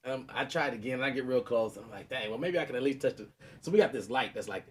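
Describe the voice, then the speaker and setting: A man's voice: mid-range voice, fast talker. A man in his thirties, a podcast co-host, telling a story in casual chat and laughing often, with a sore knee.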